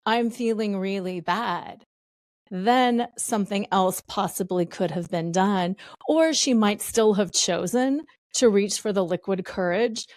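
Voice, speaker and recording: A woman's voice: mid-range voice, a little slow, few pauses, darkish tone, no echo, studio quality. A woman guest on a podcast, explaining her views thoughtfully and building her points through repetition. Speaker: podcast guest, betrayal recovery expert. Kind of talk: reflective interview answers.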